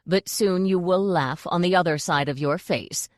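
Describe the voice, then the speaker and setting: A woman voicing a cruel, haughty duchess who hisses and rasps her threats in an audiobook. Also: lowish voice, normal speed, dry recording, clean studio sound, natural voice. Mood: menacing. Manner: hissing, rasping threats.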